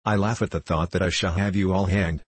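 A man's voice: low-pitched, steady tone, fairly quick, slightly rough, dry recording. A man voicing a proud, cold young queen who talks in a haughty, dismissive way. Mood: mocking.

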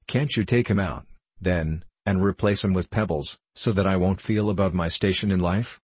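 A man doing a vain glass cat from a storybook, she-cat, haughty and scornful, talking down to everyone in a low, husky voice. Dry, close sound. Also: moderate pace, darkish tone, no room sound.

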